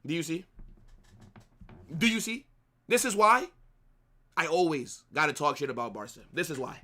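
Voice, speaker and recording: A man's voice: on the high side, very animated, moderate pace, bright, forceful tone. A young man hosting a live football watch-along, ranting at his viewers with heavy profanity and lots of repetition. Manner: profane, ranting, repeats himself.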